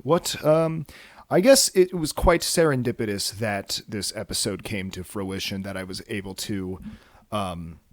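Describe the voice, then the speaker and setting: A man's voice: fairly low pitch, unhurried, no echo. A man hosting a solo casual podcast, rambling and cursing with self-mocking jokes, tired from too little sleep. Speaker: podcast host.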